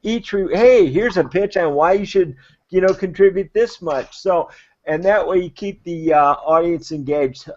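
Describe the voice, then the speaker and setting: Excited guy rambling advice over a muffled video call, fairly high voice. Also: moderate pace. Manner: excited, rambling, self-described natural enthusiast. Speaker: crowdfunding adviser. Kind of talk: enthusiastic advice on a live web show.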